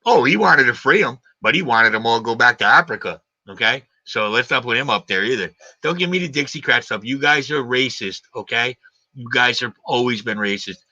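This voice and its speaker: A man's voice: mid-range voice, animated, brisk, bright, forceful tone, dry recording. A man hosting a live stream, ranting combatively in a heated argument and hammering his points with repeated questions. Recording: dull lo-fi stream audio.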